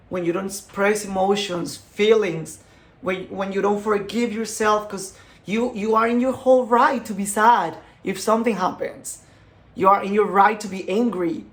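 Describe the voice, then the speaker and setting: A man in his thirties whose first language is Spanish, giving an earnest personal faith testimony in short, halting phrases. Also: high-pitched, fairly bright tone. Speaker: creator of a healing channel.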